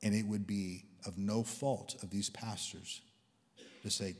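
Male guest preacher, lively sermon delivery with loud highs and whispered lows, long hall reverb. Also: unhurried. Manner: dynamic, swings between loud exclamations and hushed whispers. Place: church hall.

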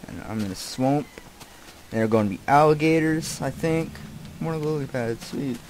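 A young man giving casual, distracted commentary while he plays a game. He swears often and keeps yelling at the animals and characters on screen. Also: fairly high pitch, moderate pace, slight background noise. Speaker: gameplay commentator.

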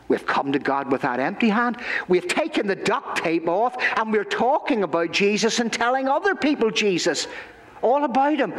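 A male pastor giving a children's sermon, telling stories in an animated, playful way in a church. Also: high voice. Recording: echoey church hall.

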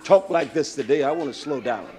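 Here an older man delivers a sermon as pastor, moving from shouted high points to quiet storytelling and saying "uh" a lot. The pitch is medium, the manner animated, the pace a little fast.

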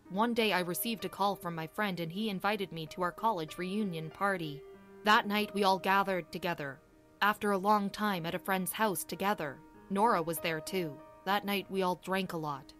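A woman's voice: fairly low pitch, moderate pace, a bit bright, faint music behind, lightly acted. A woman voicing a young husband in an audiobook, explaining himself in a worried, pleading way. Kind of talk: audiobook character voice.

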